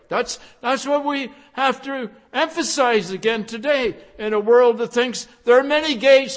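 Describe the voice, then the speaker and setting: Slow, high-voiced emphatic preacher man. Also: a bit bright. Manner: emphatic, repeats key phrases with rising force. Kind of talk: sermon.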